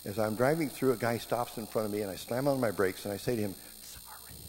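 A middle-aged man preaching a sermon, telling stories in a lively way and jumping up in pitch when he acts out scenes. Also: fast. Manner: animated storytelling, voice jumping up in reenactments. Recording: hall reverb with faint background hum.

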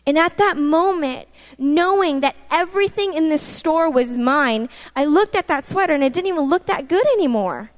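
A woman's voice: sits high, animated, normal speed, long reverb tail. A woman giving a conversational sermon testimony, personal and emphatic, with frequent asides to her listeners. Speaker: preacher sharing a testimony.

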